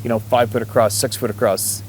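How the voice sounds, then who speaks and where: A man's voice: mid-range voice, little pitch movement, a little fast, a little mellow, slight background noise. A man telling a hunting story in a rambling, folksy way, swearing casually and chuckling often. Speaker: hunter.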